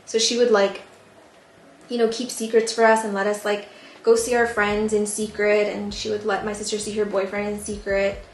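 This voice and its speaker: A woman's voice: medium pitch, normal speed, slight background noise. A tipsy young woman telling a story animatedly at home, full of "like", while she repots plants. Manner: animated, filler-heavy "like" storytelling. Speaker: plant vlogger. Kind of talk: casual storytelling. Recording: echoey room with background music.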